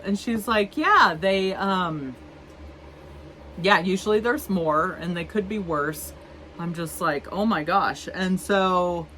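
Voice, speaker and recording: A woman's voice: lowish voice, a bit bright, slight background noise, rough recording. A woman in her fifties telling a story to camera in a chatty, rambling way, with many fillers and restarts. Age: 50s. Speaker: vlogger.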